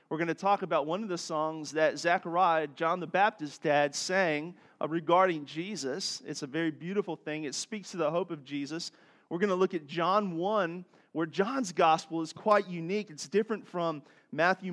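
Animated high-voiced male pastor. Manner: animated storytelling, swings from soft to loud. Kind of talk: sermon.

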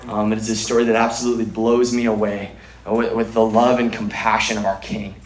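A man's voice: lowish voice, little pitch movement, brisk, reverberant, rough recording. A man preaching a sermon at a church gathering, earnest, often restarting and repeating words.

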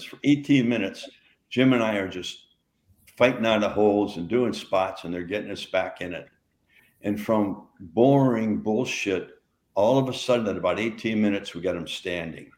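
An older man, a retired wrestler, co-hosts a podcast with a lowish, darkish voice that sounds roomy. In casual chat he tells rambling anecdotes, restarting often and laughing a lot.

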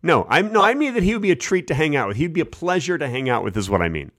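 A man's voice: fairly high pitch, sing-song, quick pace, dry recording, studio quality. A man co-hosting a comedy podcast, rambling and correcting himself as he jokes. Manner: rambling, self-correcting, joking. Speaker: podcast co-host. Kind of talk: casual comedy chat.

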